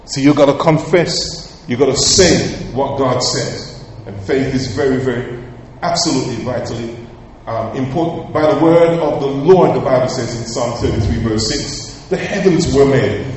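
A male pastor preaching a sermon with emphatic, sometimes loud outbursts. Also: medium pitch, moderate pace, few pauses, a little hiss or hum. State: coughing, slightly hoarse. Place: large church hall. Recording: echoey hall, heard from far off.

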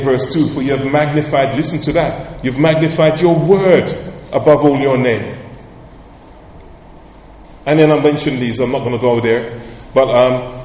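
A man's voice: medium pitch, a little hiss or hum. Preaching man in an echoey hall. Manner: emphatic preaching with sudden loud outbursts. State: coughing, slightly hoarse. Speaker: pastor. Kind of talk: sermon. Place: large church hall. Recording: echoey hall, heard from far off.

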